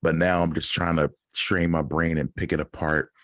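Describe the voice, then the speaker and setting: Deep-voiced laid-back man, dry close mic. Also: flat delivery, normal speed, a bit bright, dry recording. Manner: laid-back, laughs often, acts out quoted voices. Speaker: podcast guest, rapper. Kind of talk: casual interview chat.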